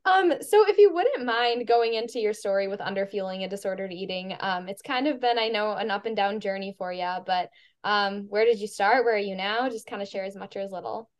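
A young woman hosting a podcast. She talks effusively and warmly, with many "like" and "um" fillers. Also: mid-range voice, a little fast. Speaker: podcast host. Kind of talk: casual podcast chat.

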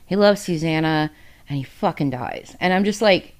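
A woman's voice: sits low, lively intonation, moderate pace. A woman co-hosting a podcast, chatting casually and emotionally about books, swearing freely and rambling with fillers. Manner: candid, emotional and heavy on profanity. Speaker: podcast co-host. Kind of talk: casual book discussion.

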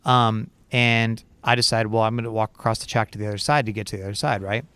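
Man, podcast co-host, chatty storyteller, smooth clear voice. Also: on the low side, fast talker. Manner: animated, chatty, lots of fillers and laughs. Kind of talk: casual storytelling chat.

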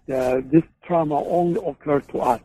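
This guest, a psychoanalyst who writes books, recounts case stories in a chatty interview, meandering, pausing hesitantly, and correcting himself often. His voice is on the high side, a little quick and mellow, coming through phone-line audio.

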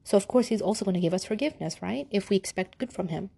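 A woman's voice: mid-range voice, animated, quick pace, vocal fry, mellow, breathy edge. A young woman hosting a personal faith podcast, talking earnestly in casual slang. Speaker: podcast host.

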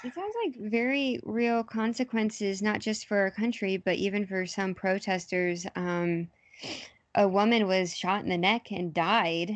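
A woman's voice: medium pitch, measured pace, dry recording. A young woman talking politics casually in a hesitant, wry way, with many fillers.

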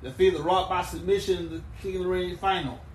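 Excitable high-voiced wrestling podcast host. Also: male voice, fast, reverberant, a little hiss or hum. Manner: excitable, rambling, with restarts and emphatic bursts. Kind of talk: solo podcast recap and show plugs.

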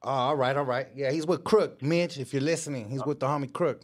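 A man hosting a live talk show, chatting in an excited, slangy way with plenty of swearing. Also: medium pitch, a little fast. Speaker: podcast host. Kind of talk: casual live show chat.

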